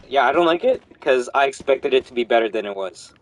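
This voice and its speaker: A young man streaming a horror game, rambling casually to chat with animated, profane commentary. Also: mid-range voice, quick pace, hardly any pauses. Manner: rambling, animated, swears freely. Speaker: gaming streamer.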